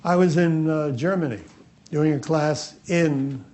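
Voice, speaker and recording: A man's voice: on the high side, measured pace, warm tone. A man leading a seminar, telling a story in a slightly raised voice. He loops back over his words and slips into the people he quotes. A faint hiss sits under the recording. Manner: storytelling, acts out dialogue, repeats himself. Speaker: workshop teacher. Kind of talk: anecdotal seminar lecture.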